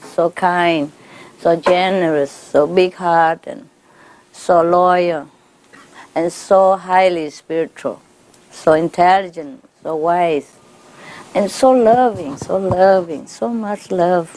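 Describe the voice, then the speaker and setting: A woman spiritual teacher speaking informally to her followers, laughing often and repeating warm phrases. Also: fairly low pitch, slow pace, a little hiss or hum. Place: gathering with a live audience.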